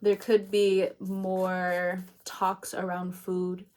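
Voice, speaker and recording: A woman's voice: fairly low pitch, completely flat delivery, extremely slow, a little mellow. A young adult woman giving a casual, meandering tarot reading, chatty and laughing at herself. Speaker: tarot reader.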